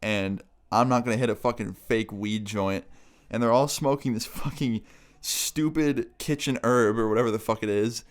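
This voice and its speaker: A man's voice: mid-range voice, normal speed. A young man vlogger telling a funny story in a casual, laughing, swear-filled way.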